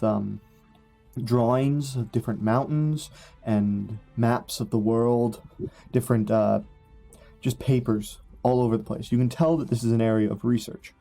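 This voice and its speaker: A man's voice: mid-range voice, warm tone. A man narrating a tabletop game as game master, rambling with many fillers.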